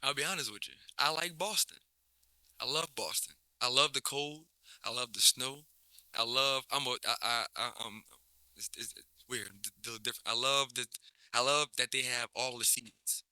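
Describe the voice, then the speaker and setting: Here the same laid-back basketball coach, a guest in a casual interview, speaks in a mid-range voice at a moderate pace. He rambles easily, restarting often and dropping slang, on a dry recording.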